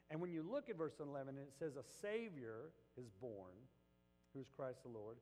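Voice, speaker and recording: Impassioned pastor preaching in a reverberant hall. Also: male voice, mid-range voice, animated, normal speed, darkish tone. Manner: impassioned, rising to emphatic peaks, acting out quoted voices. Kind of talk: sermon.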